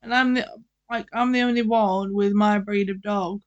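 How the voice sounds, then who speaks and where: A co-host talks in a relaxed, chatty way. They often cut in to add or correct details of a shared story. The voice sits at an ordinary pitch. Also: normal speed, no room sound, muffled recording. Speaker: podcast co-host. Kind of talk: casual storytelling chat.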